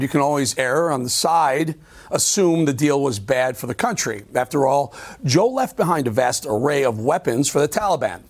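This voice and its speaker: A man's voice: medium pitch, animated, normal speed, husky. A man delivering opinion commentary in a sarcastic tone. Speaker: commentary host.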